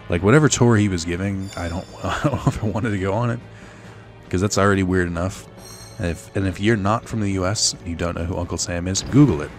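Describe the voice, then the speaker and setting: A young man telling a rambling, sardonic story while playing a video game, full of fillers. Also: sits low. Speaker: let's play host. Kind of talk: casual storytelling while gaming.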